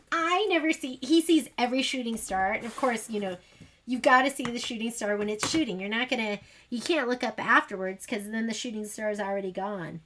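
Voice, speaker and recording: A woman's voice: fairly high pitch, fairly quick, a bit bright, slight background noise. A woman hosting a sewing livestream, chatting casually and rambling while she demonstrates. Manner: chatty, rambling, self-deprecating. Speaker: sewing shop livestream host.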